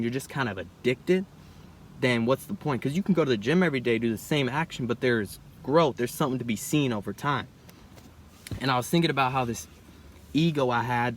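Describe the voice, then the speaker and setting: A man's voice: medium pitch, slight background noise. A young man in a casual, reflective monologue, rambling and often tagging lines with "bro" and "right?". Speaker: vlogger.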